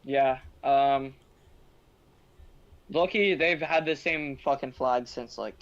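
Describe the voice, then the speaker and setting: A young man co-hosting a casual chat, relaxed and slangy. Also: mid-range voice, takes it slowly, muffled recording. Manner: laid-back, slangy. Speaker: co-host.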